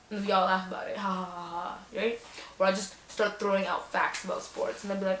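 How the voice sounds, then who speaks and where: A woman's voice: medium pitch, steady tone, brisk, sharp tone. Sassy slangy young woman, echoey room. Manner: chatty, sassy, slangy, with playful acted-out quotes. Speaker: vlogger giving advice. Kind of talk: casual advice Q&A.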